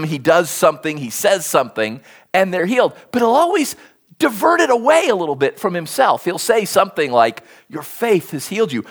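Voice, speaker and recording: Preacher for a sermon read, very lively pitch that leaps up and down, animated storyteller. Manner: animated storytelling, acts out quoted speech.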